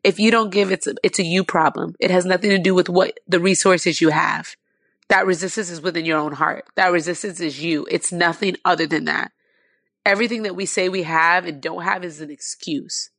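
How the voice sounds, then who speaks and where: A woman guest telling an emotional personal story, impassioned and near tears, with many fillers and halting restarts. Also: fairly low pitch, steady tone, fairly bright tone, dry recording.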